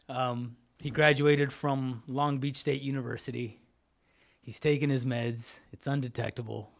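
Gravelly-voiced middle-aged man sharing his story. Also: mid-range voice. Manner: casual and heartfelt, repeats phrases, says "man" often. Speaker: speaker sharing at a recovery meeting. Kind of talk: personal recovery testimony.

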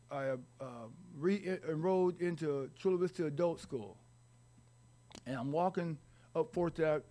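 A middle-aged man telling his own recovery story in a rambling, halting way with wry humor. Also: fairly high pitch. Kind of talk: personal recovery story told to an audience.

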